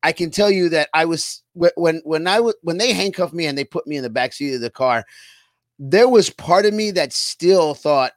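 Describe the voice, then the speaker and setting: A man's voice: on the high side, normal speed, dry recording, clean studio sound. A man telling his own story in casual chat, laughing and self-mocking as he goes. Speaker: guest.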